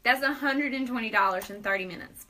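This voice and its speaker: Bright upbeat woman hosting live. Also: a little high, quick pace, a little hiss or hum, low-quality recording. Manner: upbeat, persuasive, laughs often. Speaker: host. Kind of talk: live video Q&A chat.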